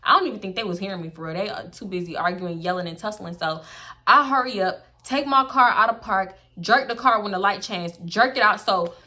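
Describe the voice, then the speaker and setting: A young woman telling a story to camera, casual, animated and blunt, swearing freely. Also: medium pitch, a little fast. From Houston, Texas. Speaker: storytime vlogger.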